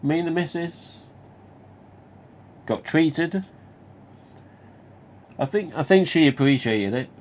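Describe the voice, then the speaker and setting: A man's voice: a little high, lively intonation, slow pace, pauses often. A man with a Nottingham accent, hosting a live stream and casually telling a rambling, sweary story with restarts. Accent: Nottingham English. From England.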